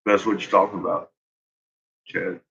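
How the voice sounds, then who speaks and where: A man's voice: deep voice, flat delivery, moderate pace, vocal fry, fairly bright tone. A man ranting casually and with exasperation, swearing often and laughing at his own points. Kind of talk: profane casual rant. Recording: dull lo-fi recording.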